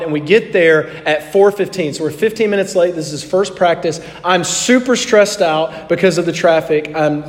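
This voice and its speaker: A middle-aged man preaching a sermon, telling a personal story in an animated way and acting out both sides of the dialogue. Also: high voice. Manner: animated anecdote, acting out dialogue, drops to soft tones. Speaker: pastor. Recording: long hall reverb.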